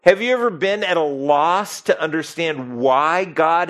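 A man delivers a sermon, his voice sitting a little high for a man. He swings from hushed, drawn-out phrases to loud, pressing questions aimed at the congregation. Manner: expressive, swings from soft to loud. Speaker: pastor.

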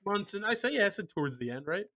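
Male podcast host, high and bright voice, wry ranting banter. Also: big pitch swings, fast. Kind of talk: casual sports betting podcast chat.

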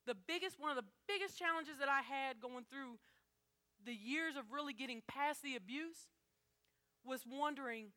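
A woman's voice: sits high, normal speed, pushed and bright. A woman preaching a sermon, talking straight to her congregation in an emphatic, conversational way.

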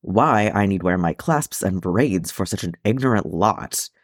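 A weary dwarf son, grumbling and sighing as he gives in to his father, as a man reading a story plays him. The voice sits low and moves about a lot in pitch. The recording is close and dry. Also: animated, a little slow, dry recording, exaggerated voice.

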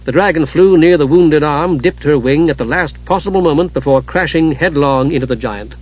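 Husky male fantasy audiobook narrator. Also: fairly high pitch, moderate pace. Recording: dull lo-fi audiobook recording.

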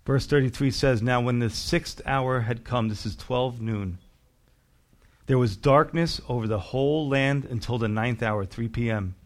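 A man's voice: medium pitch, measured pace. A man preaching a sermon through a gospel passage, reading verses and explaining them, sometimes acting out the voices in the story. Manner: expository preaching, acts out scripture voices. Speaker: pastor.

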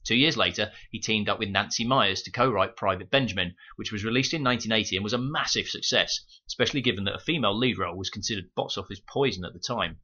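A man's voice: fairly low pitch, quick pace, hardly any pauses, pushed and bright, husky. A man hosting a film podcast, reading scripted review notes with wry, sarcastic asides. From United Kingdom. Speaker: podcast host. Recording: muffled home microphone.

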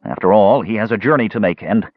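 A man's voice: on the low side, fast, dry recording, narrow, tinny audio. A man voicing an earnest, defiant male mage who speaks in an impassioned, pleading way.

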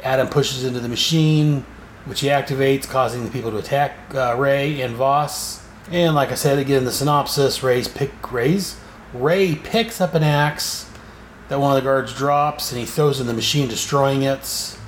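A man's voice: medium pitch, normal speed, slight background noise. A man hosting a podcast, rambling through a casual comic book recap. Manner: rambling, with fillers and restarts. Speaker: podcast host. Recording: echoey room, faint ambience.

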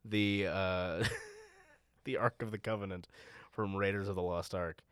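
A man casually recapping a show as podcast co-host, rambling with lots of laughter and quick silly voices. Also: low-pitched, fairly even intonation, a bit bright, smooth, no room sound.

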